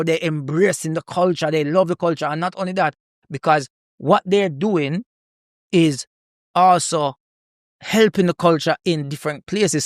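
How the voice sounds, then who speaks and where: A man from Jamaica with a Jamaican accent, a comedian chatting on a podcast, animated and laughing often as he tells stories. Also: on the high side, no echo, clean studio sound. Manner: animated storyteller, laughs a lot, repeats "you know what I mean". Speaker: guest comedian. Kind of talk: podcast conversation.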